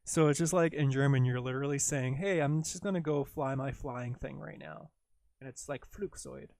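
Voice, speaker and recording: A man's voice: mid-range voice, moderate pace, creaky, a little mellow, no echo. A young man hosting a live stream, chatting casually and rambling in a giggly, self-deprecating way while he works.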